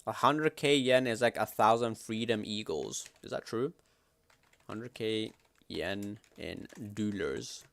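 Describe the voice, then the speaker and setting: A young man, a streamer chatting casually and reacting in loud, slangy outbursts. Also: lowish voice, slow pace, creaky, no echo.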